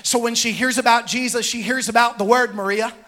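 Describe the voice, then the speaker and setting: A pastor in full sermon, his voice sitting unusually high for a man. He preaches in rhythmic, repeated phrases, swelling into impassioned shouts. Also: steady tone, fairly quick. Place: church sanctuary with congregation.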